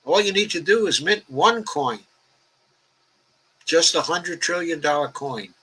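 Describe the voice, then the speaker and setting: Bright-voiced elderly New man. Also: fairly high pitch, animated, unhurried, breathy edge, poor audio. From New York, the Bronx. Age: 80s. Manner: rambling and conversational, peppered with "okay" and "uh". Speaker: political livestream host. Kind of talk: reading out viewer comments and answering them.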